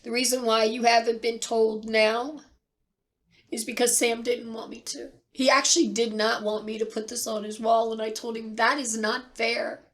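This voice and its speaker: A middle-aged woman telling a personal story near tears, halting and repeating herself with pauses. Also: fairly high pitch, level tone, fairly bright tone. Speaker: vlogger sharing personal loss. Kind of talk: tearful personal account.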